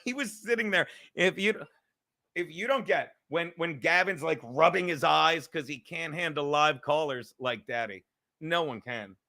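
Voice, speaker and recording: A middle-aged man tears through a profane comedic rant, voice loud and excitable, his tone bright and forceful. He sits a touch higher than most men and keeps swinging between grumbles and shouts. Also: normal speed, gravelly. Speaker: podcast host. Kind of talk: ranting comedic monologue.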